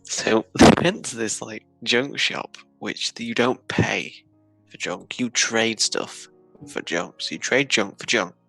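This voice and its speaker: A man's voice: on the low side, takes it slowly, creaky, a bit bright, faint music behind, low-quality recording. A man co-hosting a casual tabletop gaming chat, telling stories animatedly and laughing often. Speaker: podcast co-host.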